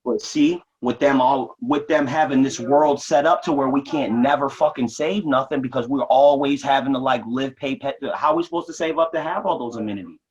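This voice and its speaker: A man in casual podcast chat, talking in a halting, reflective way and often restarting his words. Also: mid-range voice, a little mellow, husky. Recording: dull lo-fi sound.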